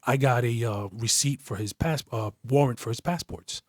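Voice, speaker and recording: New guy, ex-detective, cursing his way thru a story, mid pitch, dead dry sound. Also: moderate pace, dry recording. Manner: profane, animated, acts out quoted voices. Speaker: podcast guest, retired detective. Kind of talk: casual storytelling.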